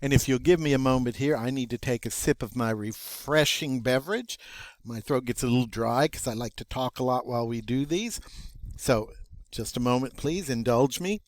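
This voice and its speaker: An older man, teaching French vocabulary in a slow, patient, folksy way, drawing out each word. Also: mid-range voice, no echo, studio quality. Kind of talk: recorded vocabulary lesson.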